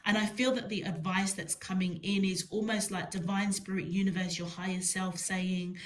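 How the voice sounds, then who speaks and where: A woman giving a spiritual tarot reading, slow and emphatic, repeating words for stress. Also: medium pitch, little pitch movement. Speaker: tarot reader.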